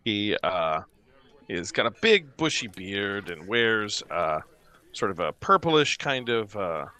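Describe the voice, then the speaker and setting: Halting game master with a bright voice. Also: male voice, fairly low pitch, big pitch swings, clean tone. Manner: hesitant, many fillers while describing the scene. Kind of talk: narrating a tabletop game.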